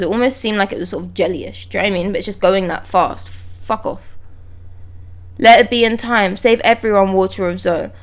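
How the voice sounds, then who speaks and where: A young woman streaming live, reading manga dialogue aloud and breaking off to react with excited exclamations and swearing. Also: fairly high pitch.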